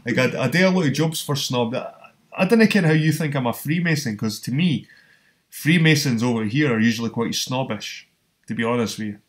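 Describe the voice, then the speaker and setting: A man with a Scottish accent, hosting a casual online hangout from his council flat, blunt and sweary, calling people man and mate. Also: mid-range voice, brisk. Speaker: host. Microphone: video call.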